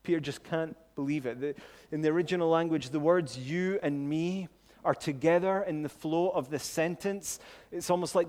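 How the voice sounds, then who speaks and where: A man preaching a sermon, earnest and deliberate, dropping low and quiet to stress a point. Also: long reverb tail. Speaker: pastor.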